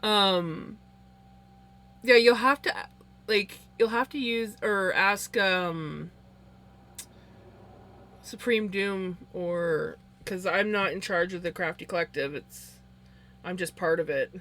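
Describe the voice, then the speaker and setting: A woman's voice: lowish voice, slow, long pauses, fairly bright tone. A woman with a Canadian accent hosting a livestream, chatting casually with viewers, rambling with frequent restarts and little laughs. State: sleepy. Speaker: livestream host. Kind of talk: casual chat reading viewer comments.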